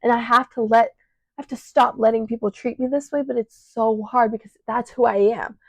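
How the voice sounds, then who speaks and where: Speaking fairly quickly in a gravelly, slightly high voice with a steady tone, a Chicago-accented teenage podcast host pours out a raw, emotional monologue, choked up, short of breath and swearing. Her shirt-mounted clip-on mic yields poor audio without room sound.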